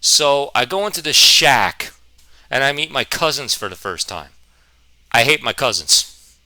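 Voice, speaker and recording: A man in his twenties telling a rambling, animated, self-mocking story in a vlog, a little out of breath. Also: medium pitch, unhurried, no room sound. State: a bit out of breath. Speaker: vlogger.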